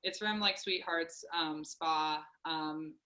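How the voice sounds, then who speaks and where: Young woman, lower voice, easygoing moderator reading fan questions. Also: fairly even intonation, slow pace, pushed and bright. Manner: reads out questions, bubbly with fillers. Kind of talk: casual group Q&A chat.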